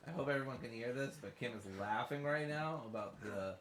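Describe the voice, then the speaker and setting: A man's voice: mid-range voice, brisk, echoey room, background noise. A man giving casual gameplay commentary as a streamer, joking and teasing.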